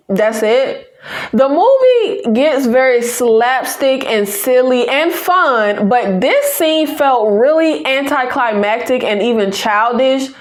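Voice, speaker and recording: A woman from the American South with a Southern accent, hosting a casual movie review channel and chatting to viewers in a sassy, teasing way. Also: high voice.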